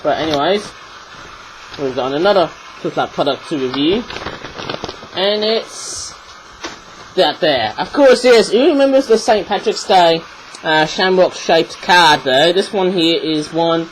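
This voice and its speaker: A man reviewing toys in a rambling, chatty way, with a frog in his throat that makes him clear it often. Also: on the high side, a little hiss or hum, low-quality recording. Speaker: toy reviewer. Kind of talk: casual video review.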